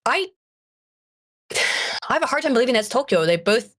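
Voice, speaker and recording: An American woman chatting casually on a livestream, animated and laughing often, trailing off and restarting. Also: on the high side, moderate pace. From United States. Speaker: stream co-host.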